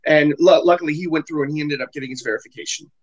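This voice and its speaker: A high-pitched man hosts a casual online group call, stumbling and repeating words as he explains. His voice sounds worn after a recent illness. He talks through a computer mic on the call. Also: lo-fi sound. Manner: halting, repeats words, offers help eagerly. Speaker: host.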